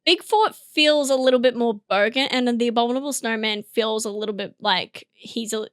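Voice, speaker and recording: A woman's voice: fairly high pitch, brisk, hardly any pauses, smooth, dry recording, studio quality. A woman hosting a solo comedy podcast, rambling and giggling as she mocks herself. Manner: rambling, giggly, self-mocking. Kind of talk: solo comedic review monologue.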